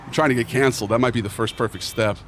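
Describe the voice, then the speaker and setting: A man's voice: mid-range voice, steady tone, racing, a bit bright. A young man streaming live and chatting casually, full of slang, rambling and reading chat aloud.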